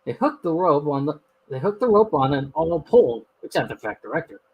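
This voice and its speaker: Lively husky male storybook reader. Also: on the high side, brisk, dull audio. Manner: lively expressive reading with slips. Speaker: storybook narrator. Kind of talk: reading a children's book aloud.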